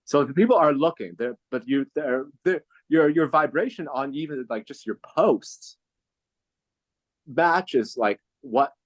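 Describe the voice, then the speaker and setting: A man asking a question, halting and repeating words as he searches for his point. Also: on the high side, animated, no echo.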